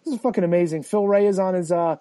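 A man hosting a casual podcast, swearing freely and rambling excitedly while reading out listener comments. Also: sits high, fast, dry recording. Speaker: podcast host. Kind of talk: casual chat.

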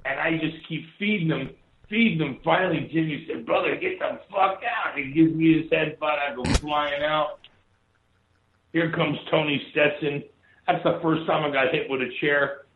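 A man's voice: on the high side, fairly even intonation, moderate pace, a little hiss or hum. A man from Hawaii, a former wrestler, telling stories in a rambling, casual way and swearing freely. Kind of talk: casual storytelling. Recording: echoey, tinny phone-like sound.

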